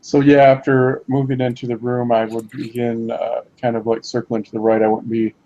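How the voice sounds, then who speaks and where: Low flat guy player, umming a lot while deciding moves, muffled lo-fi mic. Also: normal speed. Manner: hesitant, thinking aloud with many fillers. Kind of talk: tabletop game play.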